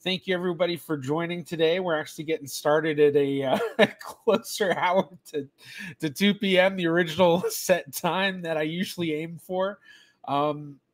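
A man's voice: fairly high pitch, fairly even intonation, moderate pace. Chatty man hosting a live stream. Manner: chatty, greets viewers one by one, laughs easily. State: allergies, sneezy. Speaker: genealogist streamer host. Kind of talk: casual live-stream chat.

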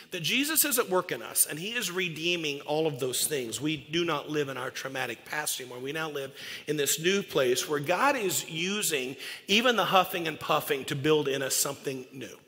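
A man's voice: a little high, lively intonation, normal speed, bright, forceful tone. A man preaching a sermon as pastor, folksy and joking as he tells stories. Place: church sanctuary. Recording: echoey church hall.

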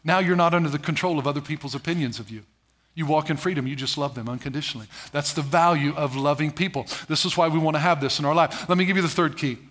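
A man's voice: fairly high pitch, quick pace, fairly bright tone. A middle-aged male pastor preaching a sermon in church, calling for responses and repeating key phrases. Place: church sanctuary.

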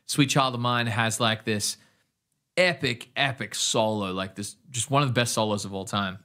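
A man with an Australian accent teaches a casual online guitar lesson, talking enthusiastically, rambling, and scatting rhythms aloud. His voice is lowish and bright with a forceful tone, at a normal speed.

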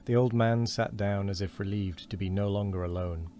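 Low, mellow male reader, calm book narration; faint hiss. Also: moderate pace. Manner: calm, occasional slips and restarts. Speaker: streamer reading aloud. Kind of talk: unhurried book reading.

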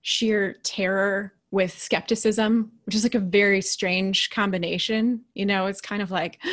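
A woman in her thirties or forties giving a motivational talk as a keynote speaker, telling a personal story in a conversational, animated way with quiet, hushed asides. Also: medium pitch, measured pace, few pauses. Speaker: keynote speaker and leadership coach.

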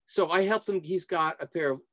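A man whose voice sits high, sounding pushed and bright, speaks briskly in a dry recording. As a guest audio reviewer in a casual interview, he tells rambling stories and often starts his sentences again.

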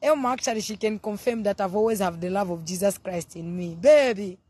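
A woman from southern Africa preaching casually on a live stream, exuberant and loud in bursts, greeting viewers by name. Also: mid-range voice, quick pace, no room sound.

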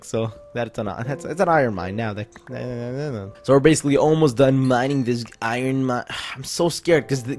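A man's voice: medium pitch, a little mellow. Rambling young gamer guy. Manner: rambling, jokey self-talk. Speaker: gaming YouTuber. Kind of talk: Let's Play commentary.

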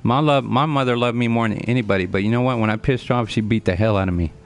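A man in his forties speaks fast in a mid-range voice. During a casual live stream he addresses viewers by name, earnestly lecturing and going over the same points again.

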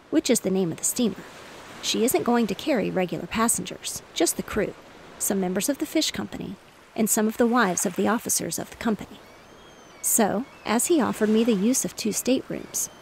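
A woman's voice: mid-range voice, gravelly, a little mellow, a little hiss or hum. A woman reading as a hearty, cheerful father. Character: cheerful fatherly man, fish merchant.

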